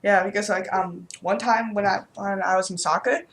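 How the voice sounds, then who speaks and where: A man's voice: high-pitched, steady tone, normal speed, fairly bright tone. A young male interviewer in a casual chat, speaking hesitantly with lots of "like" and "um". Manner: hesitant, with many filler words.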